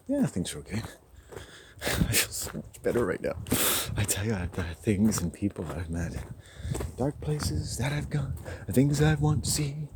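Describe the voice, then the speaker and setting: A man vlogging on a phone as he walks in the woods, rambling in a loose monologue, swearing and laughing between phrases. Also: medium pitch. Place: outdoors, woods. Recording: clear outdoor background noise.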